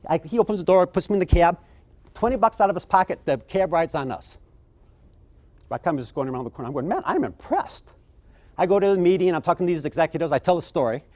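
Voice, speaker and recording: Animated man telling stories at a keynote. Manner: animated, acts out quoted people with big pitch jumps. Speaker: keynote speaker. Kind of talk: conference keynote storytelling.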